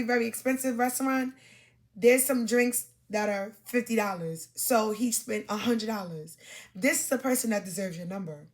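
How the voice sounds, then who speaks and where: A woman from Brooklyn, hosting a podcast and giving chatty, emphatic dating advice with dramatic asides. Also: fairly high pitch. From Brooklyn, New York. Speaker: podcast host. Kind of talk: casual advice monologue.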